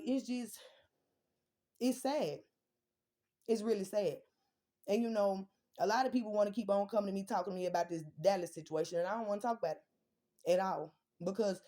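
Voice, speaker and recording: A young woman ranting bluntly and defiantly about her family and her kids, swearing often. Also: mid-range voice. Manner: profane, blunt, defiant, rising to shouts. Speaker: vlogger. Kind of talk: heated personal rant.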